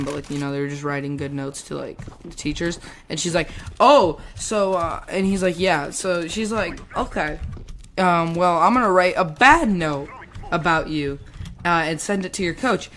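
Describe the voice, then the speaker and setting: A woman's voice: on the low side, moderate pace, a bit bright. A woman casually telling a rambling story while playing a game, swearing, laughing and acting out the people in it. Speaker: gamer telling a school story.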